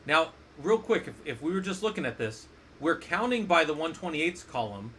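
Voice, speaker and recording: A man's voice: fairly high pitch, very animated, moderate pace, a bit bright, a little hiss or hum. A man teaching a casual screen-share lesson as an instructor, playful and jokey, often asking the viewers questions.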